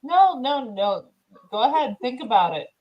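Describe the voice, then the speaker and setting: A woman's voice: high-pitched, sing-song, normal speed, muffled recording, a crowd in the background. A woman in casual livestream banter, wry and teasing, heard over a video call.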